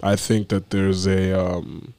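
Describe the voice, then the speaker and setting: A young man co-hosting a podcast in casual chat, hoarse from a cold, talking in a thoughtful, measured way. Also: low voice, flat delivery, darkish tone, no echo. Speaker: podcast co-host.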